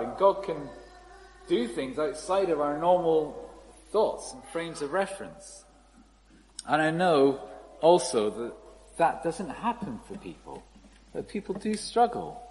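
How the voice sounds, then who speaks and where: A man preaching a sermon in a relaxed, conversational storytelling manner. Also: on the high side, a little hiss or hum. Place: church. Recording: reverberant hall, faint ambience.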